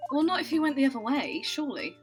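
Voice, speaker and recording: A woman chatting casually on a group game stream, animated and quick to exclaim. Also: high voice, soft background music. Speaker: streamer co-host. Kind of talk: casual let's-play chat.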